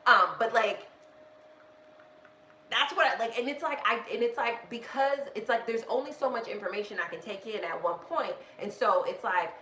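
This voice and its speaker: A woman hosting a live budgeting stream, talking in a casual, animated rant and often restarting with "like.". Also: fairly high pitch, normal speed. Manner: animated, self-interrupting, heavy use of "like". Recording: echoey room with faint background noise.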